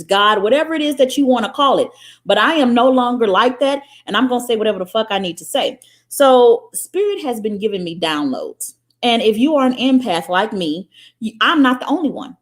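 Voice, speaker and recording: A woman talking straight to her viewers about spirituality in a casual monologue, with a blunt, cursing, animated storytelling manner. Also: medium pitch. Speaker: spiritual vlogger.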